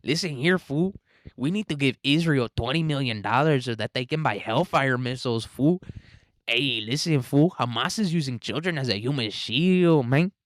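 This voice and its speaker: A man's voice: medium pitch, lively intonation, normal speed, no echo, clean studio sound, natural voice. A man voicing a swaggering street-tough woman politician in a mock Mexican accent, drawling and laughing through it.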